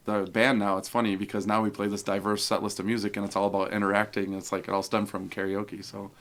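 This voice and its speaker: A man, a podcast guest, telling casual stories in an animated way and acting out the voices of people he quotes. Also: on the low side, quick pace. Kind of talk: casual storytelling.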